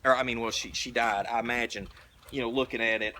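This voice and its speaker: A man's voice: medium pitch, fairly even intonation, fast, bright, forceful tone, a little hiss or hum. A young man with a Southern American accent giving a blunt, folksy, rambling talk while painting, full of restarts. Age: young adult. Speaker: prepper vlogger. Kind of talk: casual preaching monologue. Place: outdoors at a tiny house build site.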